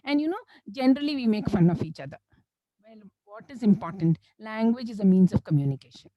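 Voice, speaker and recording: A woman from South India, telling a religious story with a lively, swooping delivery and a fairly high pitch. Her tone is mellow and soft-edged, and the sound is close and dry with little room around it. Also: no echo, rough recording. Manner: animated storyteller, frequent "you know" and devotional phrases. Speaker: Islamic lecturer.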